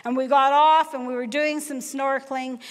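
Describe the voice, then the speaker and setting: High-voiced woman preaching in a reverberant church. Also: normal speed. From Canada. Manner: animated storyteller, acts out dialogue. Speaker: guest preacher. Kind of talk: sermon with personal storytelling. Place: church sanctuary.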